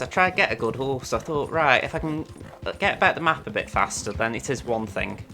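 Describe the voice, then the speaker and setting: A man's voice: mid-range voice, expressive, fairly quick, bright, forceful tone. A man streaming a video game and chatting along as he plays, narrating his own moves and talking to his viewers. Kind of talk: live game-stream commentary.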